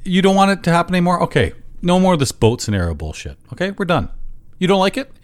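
A man's voice: sits high, wildly swooping pitch, fast talker, no echo. A man hosting a podcast in casual chat, running a mock game-show bit with a teasing, profane delivery. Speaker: podcast host.

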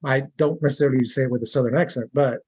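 A man's voice: medium pitch, steady tone, very fast, a little mellow, husky, no echo. A man hosting a casual interview over a video call, friendly and asking short questions. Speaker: podcast host.

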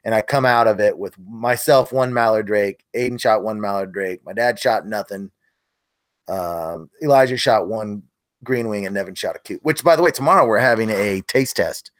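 A man's voice: lowish voice, moderate pace, no echo, clean studio sound. Earnest middle-aged man telling a story. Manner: earnest, self-critical storytelling. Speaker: podcast co-host, hunting video maker. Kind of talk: casual chat.

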